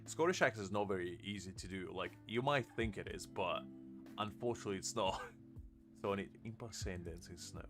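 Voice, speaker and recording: A man's voice: lowish voice, a little fast, fairly bright tone, soft background music. Joking young man with a British accent. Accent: British English. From Ukraine. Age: 20s. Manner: rambling, joking, laughs often. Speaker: game streamer. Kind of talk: casual live-stream chat.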